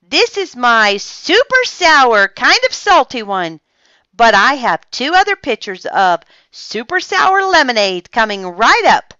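Casting: woman voicing a bossy, excitable little girl, high and lively, storybook reading, dull dry recording. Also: slow pace, no room sound, full character voice. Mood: eager. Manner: eager, commanding, high and bouncy. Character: bossy energetic young girl running a stand. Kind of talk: storybook character voice.

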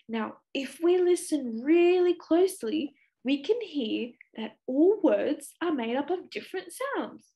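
A young Australian woman leading a children's lesson, speaking in a slow, exaggerated sing-song way for little ones. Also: high voice, sing-song, warm tone. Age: young adult. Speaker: speech clinic presenter.

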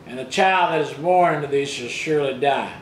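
A man preaching a sermon as pastor, retelling scripture in plain everyday speech and rising loud for the quoted rebukes. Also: mid-range voice, brisk, echoey room, a little hiss or hum, poor audio.

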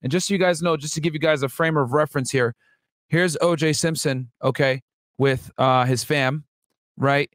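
A man's voice: fairly high pitch, fairly even intonation, normal speed, no echo, clean studio sound. A man, a former federal agent, giving casual, profane, joking commentary on a documentary.

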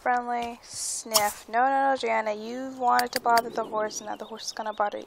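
A woman's voice: a little high, fairly even intonation, moderate pace, creaky, heavy background noise. A woman hosting a let's play, chatting casually about her game, giggly and often tripping over her words. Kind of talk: casual gameplay commentary.

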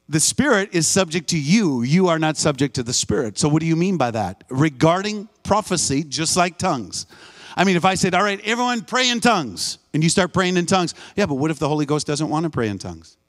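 Emphatic male preacher, higher voice. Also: expressive, moderate pace. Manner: emphatic, call-and-response, repeats phrases. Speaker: guest preacher. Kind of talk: live church sermon. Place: church sanctuary.

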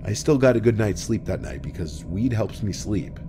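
A man calmly reading first-person horror stories as scripted narration. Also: on the low side, background noise. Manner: calm, measured storytelling. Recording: narration over background music.

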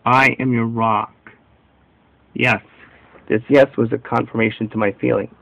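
A man reading the words of Jesus as a gentle, loving divine speaker in a solemn, measured devotional reading. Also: medium pitch, steady tone, vocal fry, no room sound, dull audio. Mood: tender.

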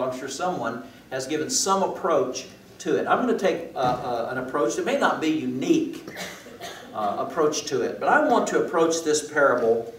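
A man preaches a sermon in a church and often hesitates as he explains. His voice sits somewhat high. The room echoes, and he is some distance from the microphone. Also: fairly bright tone, slight background noise. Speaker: pastor. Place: church sanctuary.

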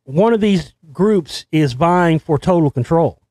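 Rambling excitable male show host. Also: a little high, measured pace, no room sound. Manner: rambling, excitable, swears, many restarts. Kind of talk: conspiracy commentary monologue.

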